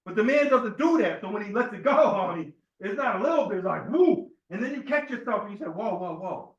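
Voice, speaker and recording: A man's voice: sits high, expressive, fast talker, fairly bright tone, reverberant, highs cut off. A man giving an informal, conversational sermon at a temple meeting, telling stories and checking in with the room. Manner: conversational, storytelling, asks the room "right?". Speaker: temple speaker.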